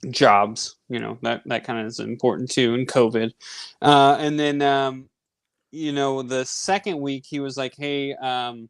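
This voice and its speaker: A man's voice: mid-range voice, a little slow, clear, resonant tone, no room sound. A man in his thirties, hosting a sports podcast and telling a long casual story with lots of fillers. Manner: rambling, animated anecdote with many fillers. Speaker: podcast host.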